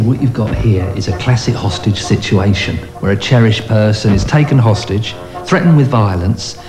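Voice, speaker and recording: An actor playing a breezy asylum doctor who talks in a cheerful, matter-of-fact way. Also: male voice, lowish voice, close to an everyday voice. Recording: echoey room with music.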